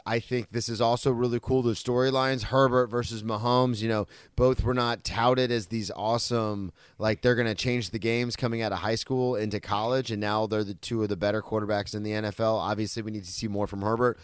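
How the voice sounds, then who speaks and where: A young man co-hosting a casual sports podcast, telling stories with animated emphasis and the odd swear. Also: mid-range voice, clean tone, dry recording, studio quality. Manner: animated storyteller, swears, self-deprecating. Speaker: podcast co-host.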